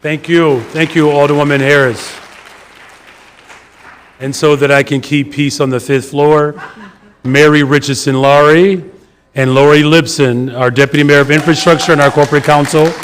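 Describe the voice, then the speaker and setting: Mayor chairing council, brisk, slightly higher voice, faint crowd noise behind. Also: male voice, flat delivery. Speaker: mayor presiding over council.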